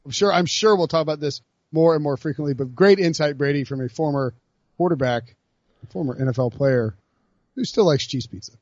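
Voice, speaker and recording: A man co-hosting a sports podcast in casual chat, rambling and animated with many restarts. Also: fairly high pitch, brisk, no room sound, lo-fi sound. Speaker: podcast co-host.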